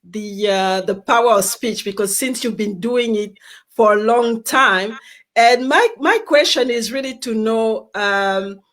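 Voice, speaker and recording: A woman hosting an interview asks a long, winding question. Her voice sits a little high. She stops and restarts often while finding her words. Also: unhurried, a bit bright. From Australia. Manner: hesitant, repeats words while asking. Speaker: interview host.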